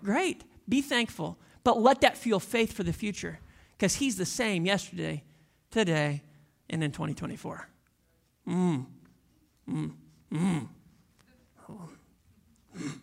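A pastor giving a sermon in a church, speaking casually to the congregation and acting out listeners in quick asides. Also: medium pitch, vocal fry, fairly bright tone. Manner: casual, conversational preaching to the congregation.

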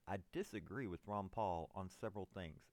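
Low-voiced guy ranting politics to his audience, dry close sound. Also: normal speed, no room sound. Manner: emphatic, addresses listeners as ladies and gentlemen. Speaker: political commentator. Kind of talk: unscripted political monologue.

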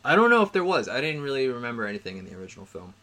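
Male podcast co-host, bright and forceful, animated casual recap. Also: medium pitch, rapid-fire. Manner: laughing, animated retelling with acted quotes. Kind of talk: casual movie recap chat.

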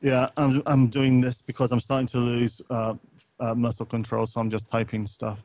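A man's voice: medium pitch, monotone, moderate pace, a little mellow, no room sound, lo-fi sound. A man co-hosting a late-night gaming stream, rambling in a casual chat full of fillers, restarts and offhand swearing. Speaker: co-host of a gaming talk stream.

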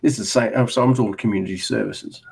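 A man's voice: on the low side, steady tone, quick pace, gravelly, a little mellow, slightly rough. A man with an Australian accent co-hosting a podcast, chatting casually and rambling through a story, swearing freely. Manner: rambling, swears freely, acts out both sides of conversations. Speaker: podcast co-host. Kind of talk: casual chat.

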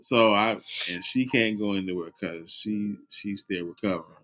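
A man co-hosting a casual talk show, giving advice earnestly in halting sentences with many restarts. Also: fairly low pitch, fairly bright tone. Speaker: podcast co-host.

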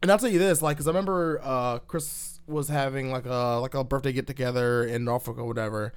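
A man's voice: mid-range voice, steady tone, brisk, clean tone. A man in casual chat, telling heated, profane stories full of "like" and fillers.

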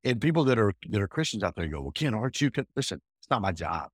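A man talking as an entrepreneur guest in a casual interview, emphatic and energetic, often repeating himself. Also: fairly low pitch, fast, no room sound, clean studio sound.

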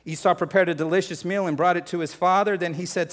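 A man's voice: fairly high pitch, fairly quick. Man preaching, acting out bible scenes, big echoey hall. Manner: animated, acts out scripture scenes. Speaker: pastor. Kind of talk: sermon. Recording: long hall reverb.

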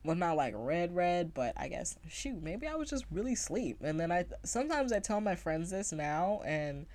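A woman's voice: lowish voice, sing-song, moderate pace, a little mellow. A young woman telling a personal story in casual podcast chat, rambling with lots of fillers and restarts. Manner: chatty, rambling, many fillers and self-corrections.

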